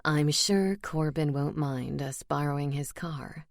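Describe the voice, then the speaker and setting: A woman voicing a relaxed, teasing young man who talks low and soft, in a storybook. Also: unhurried, no room sound, clean studio sound. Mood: smirking.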